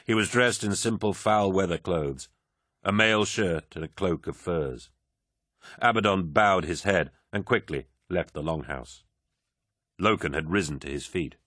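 A man narrating an audiobook in a measured, grave manner. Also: deep voice, a bit bright, no room sound, studio quality. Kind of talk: scripted narration.

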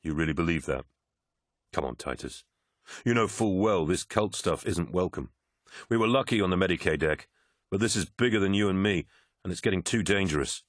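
A man's voice: deep voice, expressive, brisk, dry recording, studio quality. A man voicing a worried, pragmatic male officer who pleads urgently in a raised voice in an audiobook. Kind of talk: audiobook character voice.

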